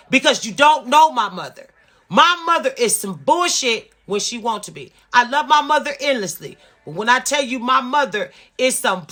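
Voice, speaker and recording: A woman in her fifties tells a storytime rant to her viewers, swearing freely and repeating her points for emphasis. Her voice is bright and sharp, with an emphatic, insistent delivery. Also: a little high. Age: 50s. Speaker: vlogger.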